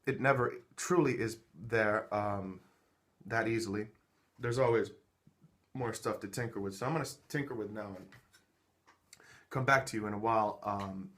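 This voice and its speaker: Recorded on a phone, this clip features a man with a mid-range, fairly bright voice showing how he works as a music producer. He explains casually, thinking out loud and restarting often amid plenty of fillers.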